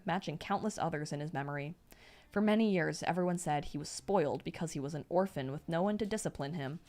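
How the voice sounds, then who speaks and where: A young woman streamer reading a novel aloud, steady between excited asides. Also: low-pitched. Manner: reads steadily, breaks off into excited reactions.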